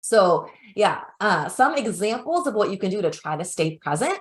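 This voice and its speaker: A woman's voice: mid-range voice, big pitch swings, moderate pace. Chatty young woman teaching parents. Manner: chatty, full of "like" and "you know" fillers. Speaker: webinar presenter on parenting. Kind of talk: informal teaching talk.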